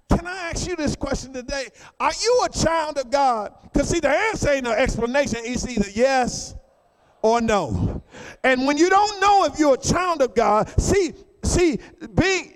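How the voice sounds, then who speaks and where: High voiced pastor preaching hard, lots of swings, repeats stuff, gets the church to answer back. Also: male voice, sing-song, a little slow, in a large hall. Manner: fervent, calls for congregation response; colloquial, repeats phrases for emphasis. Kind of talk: sermon.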